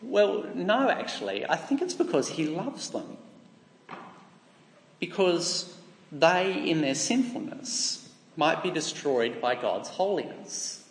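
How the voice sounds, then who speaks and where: A man's voice: fairly high pitch, sing-song, takes it slowly. A man with an Australian accent preaching a sermon in an earnest, emphatic way, asking rhetorical questions. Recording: echoey hall with long reverb.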